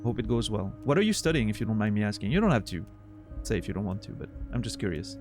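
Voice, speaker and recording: A man's voice: on the low side, big pitch swings, fast, darkish tone, soft background music. A man streaming live, chatting casually with his viewers and thanking them, on a studio condenser microphone.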